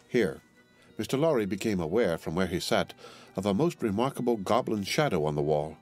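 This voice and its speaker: A man narrating a classic novel as an audiobook, in a measured storytelling manner. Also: fairly low pitch, animated, faint music behind.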